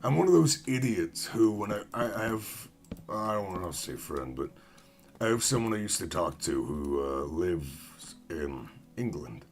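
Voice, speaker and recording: A man's voice: deep voice, sing-song, a little slow. A young American man chatting casually with viewers while playing a game, rambling and self-mocking. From United States. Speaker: gaming streamer.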